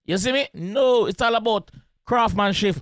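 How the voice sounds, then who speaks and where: A man's voice: high-pitched, moderate pace, fairly bright tone, no room sound. A man with a Jamaican accent giving casual, emphatic commentary on a song as host of a reaction video, repeating his points in patois slang.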